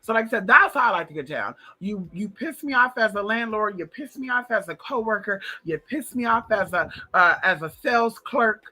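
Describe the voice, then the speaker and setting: A spiritual vlogger tells stories in a casual, profane, sassy monologue aimed straight at his viewers, calling them "girl." His high, expressive voice is bright and forceful, moving at a moderate pace with few pauses, though it's slightly strained and still recovering.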